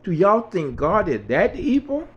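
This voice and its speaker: An older man quietly putting on a gentle, all-knowing female angel. She speaks softly and patiently, a little higher and hushed, with a lively lilt to the voice. Her pace is unhurried. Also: slightly rough, muffled recording, full character voice. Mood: calm. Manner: soft-spoken, patient, often says his name.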